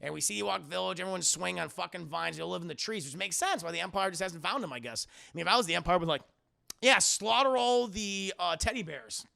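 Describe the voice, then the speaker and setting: Gravelly, excitable streamer man. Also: high voice, very fast, few pauses. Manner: excitable, profane, keeps addressing chat. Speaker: streamer reviewing a film. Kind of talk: casual profane scene-by-scene recap.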